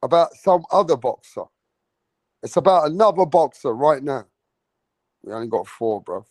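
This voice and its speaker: A man hosting a casual live-stream about boxing, talking excitably and repeating himself with slang. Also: on the high side, moderate pace, no echo, low-quality recording. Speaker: livestream boxing host.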